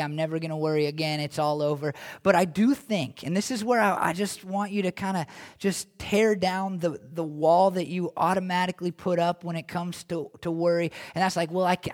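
Male pastor, sermon, casual conversational preaching, slightly higher voice, emphatic rises, church. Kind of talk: sermon and prayer.

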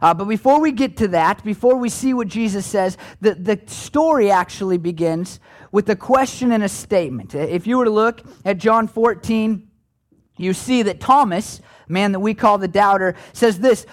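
A man's voice: high-pitched, moderate pace. A man preaching a sermon in a conversational, folksy way with playful asides. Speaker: pastor.

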